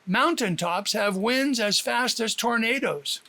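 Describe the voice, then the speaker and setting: A man voicing a calm, knowledgeable man who explains things in a steady lecturing way while driving. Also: very high-pitched, unhurried, full character voice.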